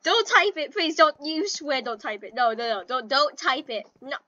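A young woman commentating casually while playing an online game, chatty and excitable, breaking into panicked yells. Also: high-pitched, moderate pace, highs cut off. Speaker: gaming channel host.

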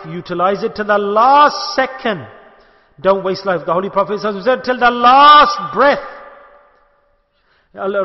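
A man giving an impassioned sermon as a sheikh, asking rhetorical questions and moving between soft and loud passages. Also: high voice. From United Kingdom. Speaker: sheikh giving a religious talk. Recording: long hall reverb, dull lo-fi sound.

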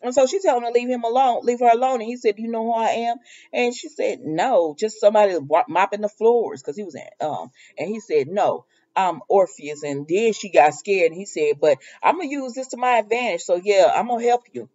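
A woman's voice: mid-range voice, a little fast, mellow, lo-fi sound. A woman casually recapping a soap opera episode, animatedly acting out the characters' lines and laughing often as she goes. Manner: laughs often while talking.

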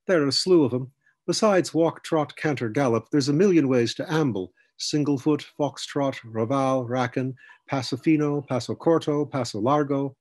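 A man's voice: mid-range voice, moderate pace, darkish tone, lightly acted. A man voicing a big, jovial male centaur cavalry trainee with an Irish accent, chatty and explanatory, in an audiobook.

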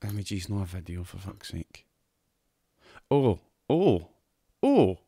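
A man's voice: deep voice, sing-song, slow pace, warm tone, husky, no echo, studio quality. A Scottish man hosting a podcast, chatting casually with friends about games and shows, swearing and laughing often. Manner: sweary, laughing, banter-heavy. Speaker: podcast host. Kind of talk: casual gaming chat.

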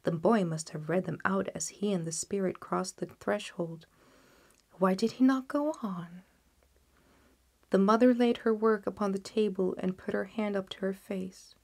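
A woman narrating a classic story, softly and often near a whisper. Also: mid-range voice, measured pace, vocal fry. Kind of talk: audiobook narration.

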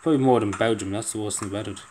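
A man's voice: lowish voice, racing, a little mellow, slight background noise. A man giving casual let's-play commentary, exasperated and pleading, swearing often as things go wrong. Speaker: gameplay commentator.

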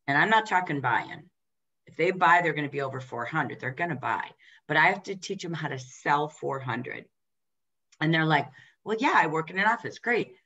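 Low voiced woman coaching sales leaders over a video call, direct and punchy, lots of quick questions, kinda dull muffled audio. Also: fairly bright tone. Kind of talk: training talk to team leaders.

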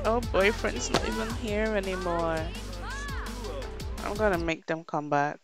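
A woman hosting a casual let's play, talking to viewers and reacting loudly to what happens in the game. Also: fairly low pitch, unhurried, loud music behind the voice. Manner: expressive, exclaims and laughs at the game. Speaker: gameplay host.

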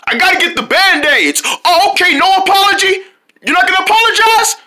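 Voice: extremely high pitch, brisk, sharp tone, pitched above the performer's own voice. Someone putting on a touchy, sulking pet fox. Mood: sulky. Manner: whiny and easily offended.

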